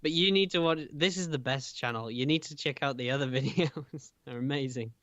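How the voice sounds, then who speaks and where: A man co-hosting a casual late-night rambling chat, excitable and quick to laugh and gasp. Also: mid-range voice, dry recording, muffled recording. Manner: giggly, excitable, reacts with gasps and laughs. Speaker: co-host.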